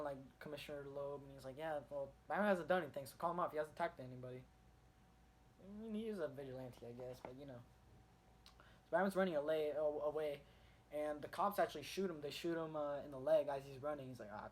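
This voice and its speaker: Young male reviewer, slightly high voice, casual and excitable, faint background hiss. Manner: rambling, lots of fillers and restarts, excitable bursts. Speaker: comic reviewer. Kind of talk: casual comic book recap. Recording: faint background noise, home recording.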